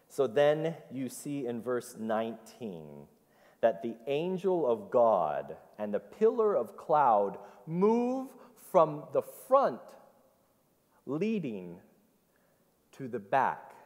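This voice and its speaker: His medium-pitched, darkish voice swings widely in pitch, drawing out words and leaving long pauses. Preaching in a church sanctuary, he repeats the congregation's answers and tells the story animatedly, with long hall reverb on the recording.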